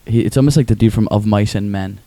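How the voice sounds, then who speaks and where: A male podcast host from Westchester, New York, rattles off a rambling story at a quick clip, swearing freely. His tone is dark and mellow. The close mic gives a dry sound. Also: lowish voice, no echo. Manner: rambling, profane, fast. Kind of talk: casual storytelling.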